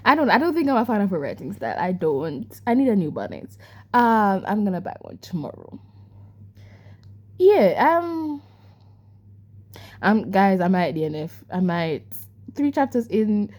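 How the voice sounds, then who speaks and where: A woman's voice: mid-range voice, very animated, unhurried, long pauses. A young adult woman talking casually to camera in a reading vlog, exasperated, often stammering and repeating herself and firing rhetorical questions at her viewers. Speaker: book vlogger.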